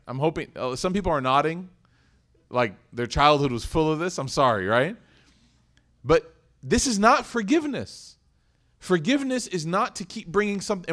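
Animated man giving a religious lecture. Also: high voice. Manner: animated, asks the audience questions and acts out quoted voices. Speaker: Islamic lecturer. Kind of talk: lively religious lecture to a live audience.

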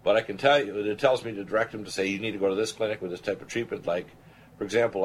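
A man's voice: lowish voice, slight background noise. An older man and radio show host telling a personal story with earnest conviction, acting out the voices of people he quotes. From Canada. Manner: earnest, animated testimony, quoting others.

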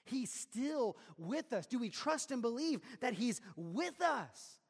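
Male pastor, high voice, sermon, quiet readings to loud emphatic bursts, long hall reverb. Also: sing-song, slow, gravelly.

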